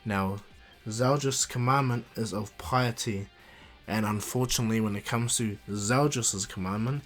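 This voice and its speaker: A man's voice: on the low side, unhurried, faint music behind. A man casually retelling an anime crossover fan story, rambling and correcting himself as he goes.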